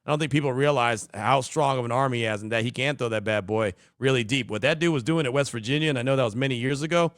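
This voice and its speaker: Male podcast host, upbeat and chatty, mid-pitched, dry close-mic sound. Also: quick pace, few pauses, no room sound. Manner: energetic, chatty, hypes the audience. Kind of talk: sports talk podcast.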